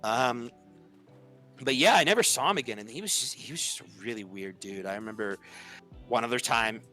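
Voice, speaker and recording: A man's voice: medium pitch, fairly quick, bright, forceful tone, soft background music. A young man telling a story in a casual, chatty way, saying "like" often and acting out the quoted lines. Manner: chatty, heavy use of "like", acts out quoted lines. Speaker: podcast storyteller.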